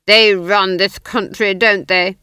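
A crazed storybook duke voiced by a woman narrator snarls his suspicions at a slow, heavy pace. The voice is pushed louder and stranger than plain narration, yet stays close and dry. He sounds unhinged and dangerous. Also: mid-range voice, creaky, no room sound. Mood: snarling paranoid. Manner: slow, drawn-out, menacing. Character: mad paranoid scheming male duke, snarling. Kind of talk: audiobook character voice.

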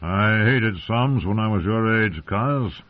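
A friendly young knight from a storybook, reassuring and easygoing, with lively inflection, as a male reader puts him on. The sound is narrow and phone-like. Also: fairly low pitch, takes it slowly, dry recording.

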